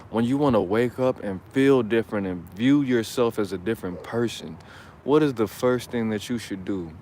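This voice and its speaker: A man's voice: medium pitch, a little mellow, slight background noise. A man hosting his own channel, giving advice in casual commentary, rambling and preachy with profane jokes.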